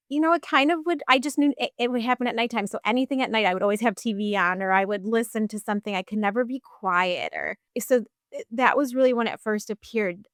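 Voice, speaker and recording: A woman in her thirties appears as a podcast guest, telling her personal story in a casual, chatty way packed with fillers. Her voice is fairly high and clean, recorded with clean studio sound and no room sound.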